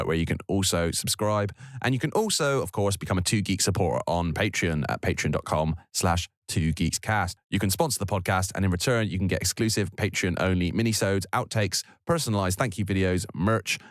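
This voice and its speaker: A man's voice: low voice, fairly quick, hardly any pauses, no echo, studio quality. A man co-hosting a podcast, chatting casually and laughing easily as he wraps up the episode. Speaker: podcast co-host. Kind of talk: casual podcast outro chat.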